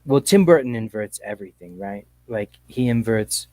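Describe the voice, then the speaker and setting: A man hosting a casual call-in chat show, talking in a relaxed, slangy, rambling way. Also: fairly low pitch, moderate pace, no room sound. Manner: laid-back, slangy, rambling. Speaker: podcast host.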